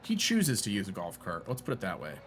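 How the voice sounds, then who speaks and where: A man's voice: on the low side, huge pitch swings, fast talker, background noise. A man streaming a golf video game, rambling and joking as he thinks aloud with lots of fillers. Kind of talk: casual gameplay commentary. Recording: music playing behind. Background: game music.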